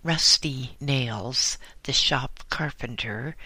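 A man narrating an audiobook in a measured, even storytelling manner. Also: medium pitch, no room sound.

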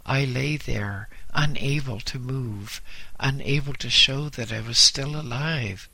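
Slow, grave male narrator. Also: medium pitch, creaky, sharp tone, dry recording. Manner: slow, grave dramatic reading. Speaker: audiobook narrator. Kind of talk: scripted first-person narration.

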